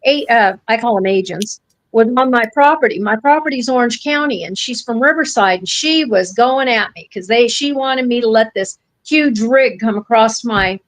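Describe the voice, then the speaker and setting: High-voiced blunt American woman storyteller. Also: normal speed, no echo, rough recording. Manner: blunt, folksy, acts out quoted voices. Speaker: podcast co-host. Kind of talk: casual storytelling chat.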